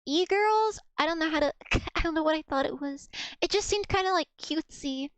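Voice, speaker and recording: A young streamer casually tries out Russian words, chatting away, poking fun at herself and leaning on "like." Her very high-pitched voice moves briskly, with no echo.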